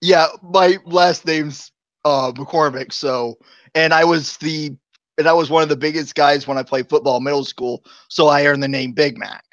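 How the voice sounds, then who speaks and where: Talk co-host, male, rambling anecdotes, somewhat high voice, muffled dry recording. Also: fairly even intonation, normal speed, fairly bright tone, no echo. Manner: rambling storyteller, chuckles often. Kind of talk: casual live chat.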